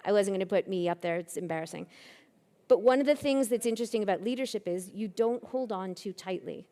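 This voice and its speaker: A woman's voice: mid-range voice, fairly quick, dark tone. A woman giving a conference talk, telling anecdotes with self-deprecating humor. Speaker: keynote speaker. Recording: long reverb of a hall.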